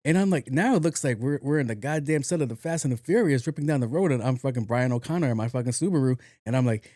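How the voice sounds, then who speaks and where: Animated young man telling a story on a podcast. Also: mid-range voice, quick pace, dry recording, studio quality. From New York. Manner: animated, profane, self-mocking storyteller. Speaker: podcast host. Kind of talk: casual storytelling monologue.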